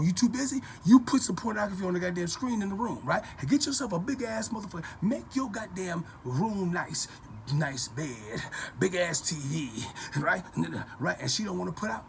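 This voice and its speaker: A man delivering a loud, rambling, profane rant to camera in a preachy tone, repeating himself as he goes. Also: high-pitched, animated, moderate pace, gravelly, a little hiss or hum. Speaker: vlogger.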